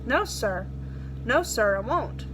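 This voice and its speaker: A woman's voice: a little high, expressive, takes it slowly, noisy background. A woman reading aloud as an anxious, humble farmer who answers the sheriff nervously and respectfully. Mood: pleading. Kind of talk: storybook read-aloud.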